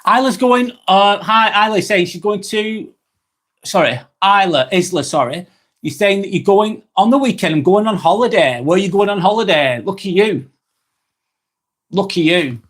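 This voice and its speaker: A man hosting a slow, rambling live-stream vlog, reading out viewer comments with many fillers and apologies, a little under the weather. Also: sits high, expressive, a bit bright. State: slightly under the weather, occasional cough.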